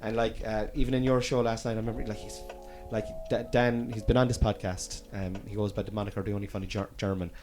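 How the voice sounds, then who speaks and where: A man's voice: lowish voice, level tone, quick pace, hardly any pauses, over music. A man with an Irish Cork accent hosting a casual comedy podcast chat, rambling with hesitant fillers and casual swearing.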